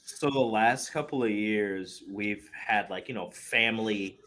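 A man co-hosting a podcast in casual chat, relaxed and often trailing off with fillers. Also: on the low side, a little slow. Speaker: podcast co-host.

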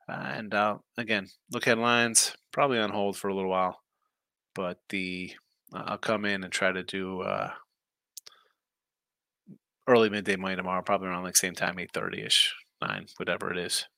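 A man's voice: on the low side, pushed and bright, dry recording. A man hosting a sports betting picks live stream, chatting casually, thinking aloud and answering viewer comments. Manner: rambling, thinking aloud, reacting to chat comments.

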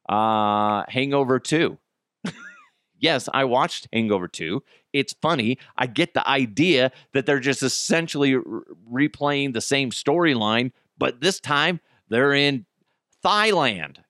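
Lively joking male podcast host. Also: mid-range voice, no echo, clean studio sound. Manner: laughing, joking, profane. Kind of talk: casual comedic commentary.

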